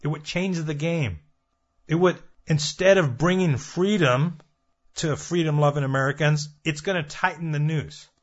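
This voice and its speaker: Guy preaching warnings at his listeners, kinda high voice, muffled lo-fi sound. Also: normal speed. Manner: earnest, repetitive warnings addressing listeners directly. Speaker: prophecy radio program host. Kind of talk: preaching monologue. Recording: dull lo-fi audio.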